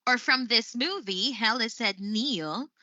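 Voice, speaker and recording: A woman's voice: mid-range voice, a little slow, bright, forceful tone, no room sound. A woman from the Philippines teaching English online, chatty, with frequent fillers and self-corrections. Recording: dry, slightly muffled sound.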